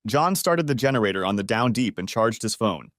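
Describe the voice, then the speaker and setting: A man's voice: fairly low pitch, animated, fairly quick, a bit bright, no room sound, clean studio sound. Man reading a family drama story. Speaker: narrator. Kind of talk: scripted story narration.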